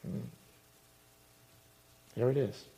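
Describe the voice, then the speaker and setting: A male pastor preaching a sermon, swinging between loud emphasis and quiet asides. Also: drawn-out words.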